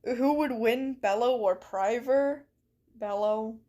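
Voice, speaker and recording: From her bedroom at home, a woman streams a game and chats with viewers in a playful, mock-dramatic way. Her voice is fairly high and warm, and she speaks slowly.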